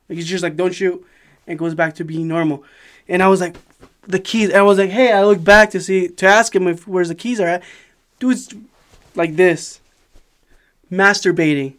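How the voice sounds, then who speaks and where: A man, casually telling an animated, profanity-laden story on a podcast and laughing as he goes. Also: high-pitched. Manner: animated, swears a lot, laughs while telling. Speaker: podcast host.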